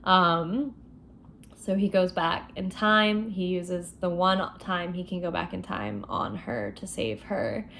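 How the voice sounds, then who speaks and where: A woman's voice: fairly low pitch, slow, creaky, slight background noise. Chatty young woman recapping a book. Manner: chatty, expressive, frequent fillers and laughs. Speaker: book vlogger.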